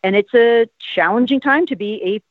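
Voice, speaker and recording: Her voice runs a little high at a moderate pace as this actress, in her fifties and from South Jersey, rambles in a casual interview thick with "like" and "um." The sound is dry, tinny and phone-like.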